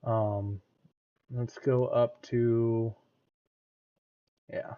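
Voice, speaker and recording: A man's voice: mid-range voice, level tone, drawn-out words, warm tone, muffled recording. An American man giving casual reaction commentary, often restarting and repeating words as he thinks aloud. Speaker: reaction streamer.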